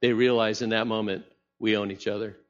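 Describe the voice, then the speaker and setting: A man's voice: on the low side, flat delivery, a little fast. A man preaching a sermon as a pastor, talking conversationally and asking the congregation rhetorical questions. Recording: muffled sound in a reverberant hall.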